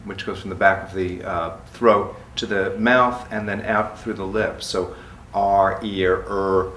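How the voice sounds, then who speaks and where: A man poet calmly explaining his book project in a slow, measured way, then chanting long lists of words. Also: low-pitched. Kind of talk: talk and poetry reading. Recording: echoey room from far off, faint noise.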